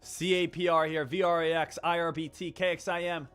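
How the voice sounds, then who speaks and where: A man's voice: a little high, fairly quick, smooth, faint music behind. A man hosting a live day trading stream, talking casually and rambling with lots of fillers. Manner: rambling, animated, many fillers.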